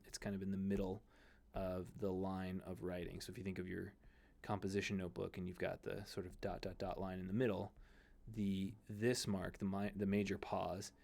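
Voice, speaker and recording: A man teaching a Greek lesson in a conversational way, often correcting himself mid-sentence and using fillers. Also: lowish voice. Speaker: seminary Greek instructor. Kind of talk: recorded lecture.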